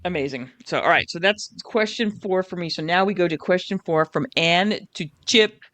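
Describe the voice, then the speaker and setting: Brief: co-host of a chatty podcast, bright forward voice, dry close sound, keen and talkative. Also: mid-range voice, normal speed, dry recording. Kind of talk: casual podcast chat.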